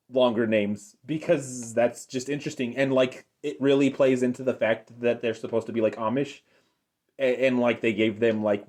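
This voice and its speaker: A man's voice: mid-range voice, a little mellow. Rambling young man reviewing a cartoon. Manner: rambling, filler-heavy, enthusiastic retelling. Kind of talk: unscripted review.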